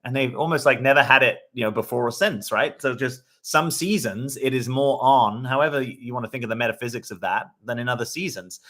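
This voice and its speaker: A man's voice: medium pitch, a little fast, few pauses, pushed and bright. Reflective male coach talking live. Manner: reflective, conversational, often checks in with "right?". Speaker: dating coach. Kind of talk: live-stream talk answering viewer comments.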